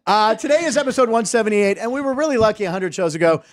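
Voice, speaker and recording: A man's voice: sits high, animated. A man hosting a sports comedy podcast from a studio desk, chatting casually with a jokey, rambling manner. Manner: jokey, rambling, quick asides. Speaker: host.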